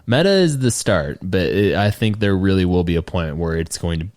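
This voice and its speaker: Man co-hosting a podcast, low voice with a lively swing, loose and rambly. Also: normal speed. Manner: rambling, lots of fillers and restarts. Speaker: podcast co-host. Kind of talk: casual podcast chat.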